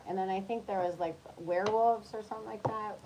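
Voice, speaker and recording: A woman's voice: mid-range voice, fairly even intonation, brisk, very noisy. A woman who is a tarot reader, giving a casual reading for zodiac signs in a chatty, coaching tone and checking in often with her listeners.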